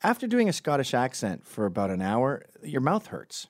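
A man hosting a comedic political monologue, sardonic and animated, slipping in and out of mocking impressions and swinging between loud and hushed delivery. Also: mid-range voice, moderate pace, dry recording, studio quality.

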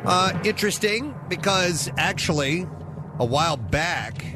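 A man's voice: high-pitched, measured pace, music in the background. A man hosting a comedic talk radio show, leading the topic and laughing easily. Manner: animated, laughs easily, runs the list.

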